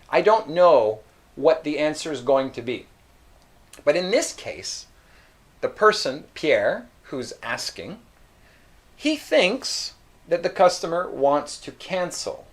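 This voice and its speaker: A man teaching English, explaining phrases slowly and repeating example sentences. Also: on the high side. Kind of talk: slow explanatory English lesson.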